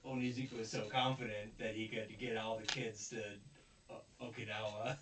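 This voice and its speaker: A man's voice: fairly low pitch, a little slow. A man hosting a casual review chat, animatedly retelling scenes and acting out characters' lines. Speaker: podcast host. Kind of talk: casual chat recapping an anime. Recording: echoey room, distant mic, faint noise.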